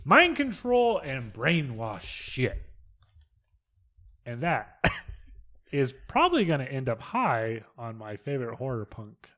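A man co-hosting a casual podcast, talking loosely and excitably with frequent swearing. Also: medium pitch, slow pace, long pauses. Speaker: podcast co-host.

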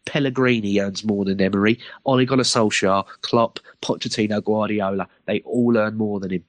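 A man's voice: fairly low pitch, fairly even intonation, moderate pace, no echo. Passionate man arguing football. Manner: passionate, insistent, laughs while arguing. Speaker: podcast co-host. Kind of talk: casual football podcast chat.

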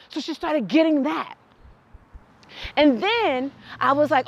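A woman telling a personal story that turns into a faith lesson, animated and quick to laugh. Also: sits high, muffled recording.

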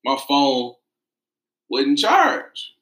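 A man tells a story in an easy, casual way, and his voice swings up and down as he acts out what people said. He sounds like he is in an echoey room. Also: very slow. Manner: animated storyteller, acts out quotes in high voices. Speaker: guest telling his side of a story. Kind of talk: casual chat.

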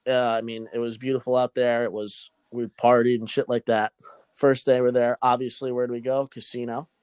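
A man's voice: mid-range voice, little pitch movement, a little fast, darkish tone, clean tone, no room sound. Young male podcast host, casual and profane, rambling storyteller with a dry, close sound.

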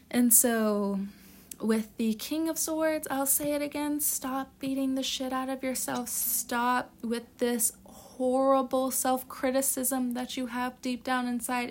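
A woman's voice: a little high, a little hiss or hum. Blunt, youthful-sounding woman tarot reader. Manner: blunt, profane, tough-love. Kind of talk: casual spoken tarot reading.

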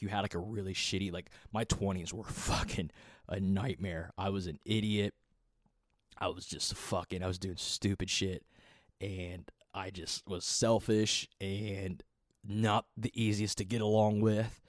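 A man's voice: low-pitched, fairly even intonation, unhurried, no room sound, clean studio sound. A man in his thirties ranting casually and profanely as a podcast host, rambling and exasperated. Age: 30s.

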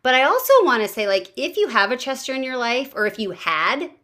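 A woman hosting a casual podcast conversation, telling stories in a lively way and acting out what others said. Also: high-pitched, brisk. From Baltimore area, US. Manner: lively storyteller, acts out quotes. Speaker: podcast host.

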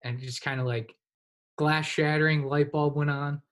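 A man's voice: a little high, moderate pace. A young man in his twenties, a hockey goaltender, talking casually in a podcast interview and filling his sentences with "you know". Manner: relaxed, rambling, heavy use of "you know". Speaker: guest, college hockey goaltender.

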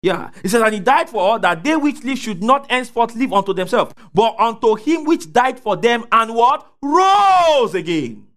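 A man preaching a sermon, calling out questions for the congregation to answer and rising to shouts at the peaks. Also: very high voice, lively intonation, moderate pace, few pauses. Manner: call-and-response preaching, asks congregation to fill in words.

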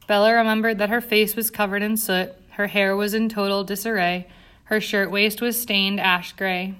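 A woman's voice: mid-range voice, little pitch movement, normal speed, a bit bright, clean tone. A woman reading an audiobook aloud, telling the story in a tense, dramatic way. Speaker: audiobook reader. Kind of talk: scripted audiobook narration.

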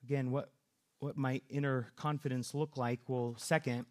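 A man's voice: medium pitch, flat delivery, moderate pace. Male preacher, earnest sermon delivery, frequent restarts. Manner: earnest, repeats words and restarts often.

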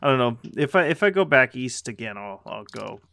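A man's voice: medium pitch, expressive, a little fast, creaky, bright, forceful tone, no room sound, clean studio sound. A young man co-hosting a podcast, chatting casually and rambling with lots of fillers. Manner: rambling with many likes and fillers. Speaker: podcast co-host. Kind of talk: casual chat.

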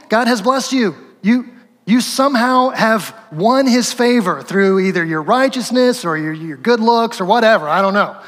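A man's voice: high voice, fairly bright tone, long reverb tail. A man preaching a sermon as pastor, conversational and asking the congregation questions.

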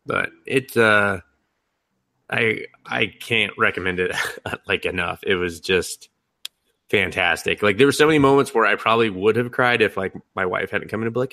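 A young man co-hosting a podcast in casual chat, rambling and animated, laughing often and swearing freely. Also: lowish voice, normal speed. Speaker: podcast co-host.

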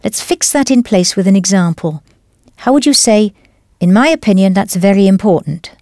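Female instructor, patient and clear, scripted lesson narration, dry booth. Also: mid-range voice, moderate pace, darkish tone, no echo. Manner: patient, clear, explains step by step. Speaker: language teacher.

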